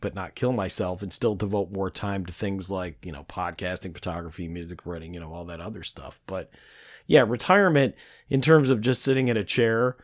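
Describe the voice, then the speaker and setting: A man in his fifties hosts a podcast in a casual chat, with a fairly low voice. He thinks aloud in a reflective way, hedging often. The sound is dry and close, with no room echo. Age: 50s. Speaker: podcast host.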